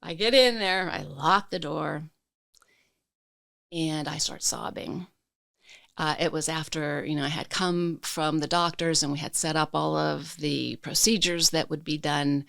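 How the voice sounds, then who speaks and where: A woman podcast guest telling a personal story in a slow, reflective way, reliving the emotions. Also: low-pitched, creaky, a bit bright, dry recording, clean studio sound.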